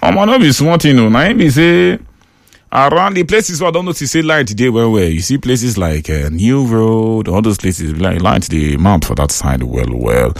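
A man's voice: on the low side, very animated, moderate pace, creaky, no echo. A man with a Nigerian Pidgin English accent hosting a radio call-in show from a studio, animatedly reading out listener messages. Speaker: radio host.

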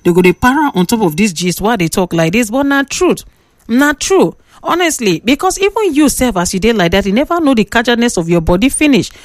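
A woman radio presenter speaking with a Nigerian Pidgin accent, lecturing listeners and bantering with callers in a lively, preachy way. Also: a little high, brisk, no room sound, studio quality. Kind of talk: call-in radio talk.

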